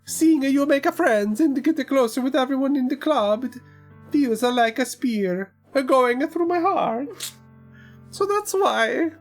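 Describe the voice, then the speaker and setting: A woman voicing a cheerful teenage schoolgirl who hides deep sadness, her lines wavering and half-laughing through tears. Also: lively intonation, takes it slowly, faint music behind, heavily acted. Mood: sad.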